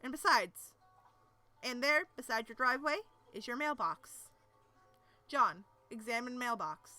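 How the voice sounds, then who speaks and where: A woman reads a webcomic aloud on a live stream, tripping over words and dropping casual, self-deprecating asides. Her voice is bright and slightly high. Soft music plays in the background. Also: animated, measured pace.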